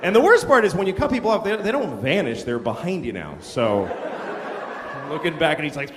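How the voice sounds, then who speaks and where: A man's voice: high voice, huge pitch swings, fast. A middle-aged man doing a profane stand-up routine, telling an incredulous story and acting out an angry driver. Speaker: stand-up comedian. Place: large theater stage. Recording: live theater with echoing hall, crowd laughter.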